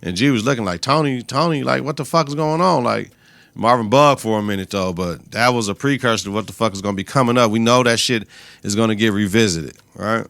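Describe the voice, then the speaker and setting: Gravelly-voiced man recapping a show. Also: lowish voice, fairly quick, a bit bright, no echo. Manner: loose, slangy, profane storytelling. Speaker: podcast host. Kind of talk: casual episode recap.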